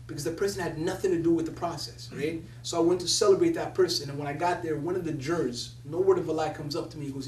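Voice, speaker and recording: With few pauses and a quick pace, a young Somali man who is a poet laureate shares stories with animation, laughing as he quotes people. His voice is fairly high, a little mellow, and fairly even in intonation; the recording is distant and echoey, with a faint hum.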